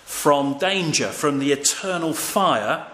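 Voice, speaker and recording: An older man preaches slowly in a fairly high, expressive voice that's a bit bright. He chats his way through the sermon with fillers, often inviting his audience to respond, and the echoey room holds faint ambient noise.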